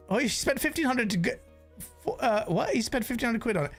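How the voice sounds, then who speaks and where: Woman, gaming news streamer, casual livestream rant, swears a lot, reacts to chat, lively pitch, faint music behind. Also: fairly quick, slightly rough. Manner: rambling, profane, reacts to chat.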